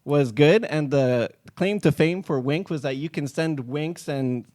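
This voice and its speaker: A man's voice: a little high, a little slow. A man, an app founder, telling stories in a casual podcast chat and acting out quoted dialogue. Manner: animated, acts out quoted dialogue.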